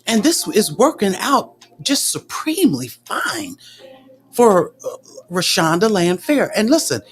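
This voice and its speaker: A woman's voice: mid-range voice, unhurried. A woman doing casual livestream commentary, sassy and indignant, answering viewers' comments. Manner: animated, sassy and indignant, talks back to viewers.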